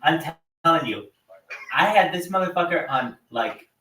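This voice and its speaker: A man's voice: fairly high pitch, moderate pace, far from the mic. A man hosting a livestream, telling stories in casual, profane chat. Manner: profane, animated storytelling. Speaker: livestream host. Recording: roomy echo, off-mic.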